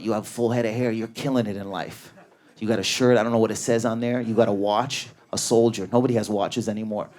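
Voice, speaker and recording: A male comedian performs on a club stage with a handheld mic and talks at a mid pitch. He riffs on an audience member with a manic, neurotic edge and swears freely. A lively crowd laughs loudly throughout. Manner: high energy, profane, neurotic, rapid riffs. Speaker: stand-up comedian.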